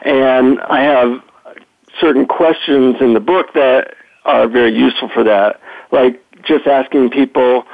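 Gravelly middle-aged man on the phone. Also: mid-range voice, measured pace, no room sound. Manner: animated storyteller, chatty with fillers. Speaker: guest author and psychotherapist. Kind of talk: phone-in radio interview. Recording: tinny phone line.

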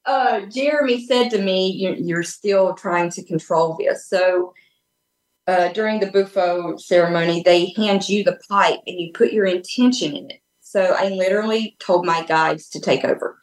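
A woman's voice: on the low side, normal speed. A woman guest telling a personal story in a casual, earnest way, rambling with many restarts and fillers over a remote call. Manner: earnest and open. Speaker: podcast guest. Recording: echoey room.

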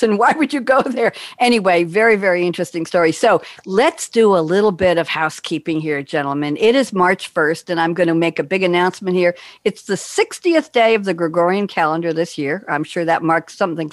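A woman's voice: fairly low pitch, no room sound. Chatty older woman radio host, dry sound. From Queens, New York. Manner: chatty storyteller, bubbly asides. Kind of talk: casual chat.

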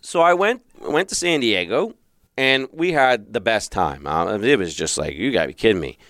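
Host, male, lowish smooth voice, lively storyteller, dry close mic. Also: moderate pace, dry recording. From Philadelphia. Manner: animated, with many restarts, acts out past thoughts in a raised voice. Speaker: podcast host and relationship coach. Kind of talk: personal storytelling monologue.

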